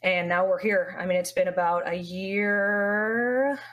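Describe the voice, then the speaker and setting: A young woman, a streamer, speaks slowly and candidly in an emotional interview, heartfelt and rambling, often restarting her sentences. Her voice is mid-range with fairly even intonation, and the audio is dull.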